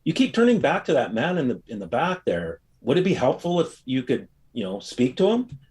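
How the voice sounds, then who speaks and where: A man voicing a calm, dignified older male judge who speaks firmly and with authority. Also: medium pitch, brisk, slightly rough, voice pushed up.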